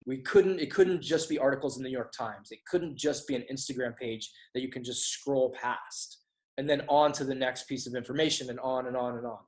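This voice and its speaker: A man's voice: mid-range voice, a little fast, low-quality recording. A man guest on a podcast, telling his story candidly, swearing freely and acting out quoted dialogue. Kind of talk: casual storytelling interview.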